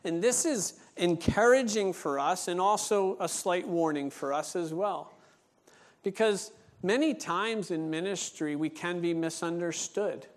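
A male pastor preaching a sermon, telling a story with lively acted-out dialogue, then slowing into an earnest teaching tone. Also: high voice. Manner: animated storytelling, acting out dialogue; slows down and turns earnest for teaching points.

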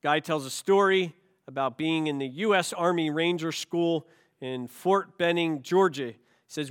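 A male preacher delivers a sermon in a bright, forceful voice that sits a little high. He drops to quiet, slow asides, then builds to loud, emphatic calls, with many rhetorical questions thrown to the congregation. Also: clear, resonant tone. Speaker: pastor.

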